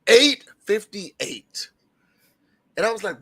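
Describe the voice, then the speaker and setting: A podcast co-host, talking in animated, playful casual chat and acting out what others said. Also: medium pitch, slow pace, no echo. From New York.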